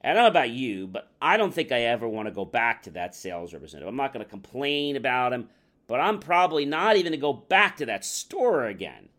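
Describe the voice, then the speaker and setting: A man's voice: medium pitch, big pitch swings, fast talker, fairly bright tone. A male talk show host giving sales advice in a conversational, explaining manner. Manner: conversational, explaining, uses fillers. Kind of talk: advice talk with acted-out examples.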